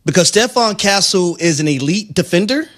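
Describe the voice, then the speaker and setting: A man's voice: high voice, animated, moderate pace, a bit bright. A man co-hosting a sports radio show, arguing his points in a conversational way.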